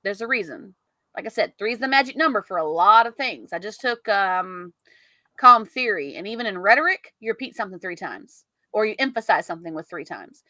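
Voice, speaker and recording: Bright-voiced woman chatting on a podcast. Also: mid-range voice, animated, a little fast, no room sound. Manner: chatty, eating on stream. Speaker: podcast co-host. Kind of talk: casual live-stream podcast chat.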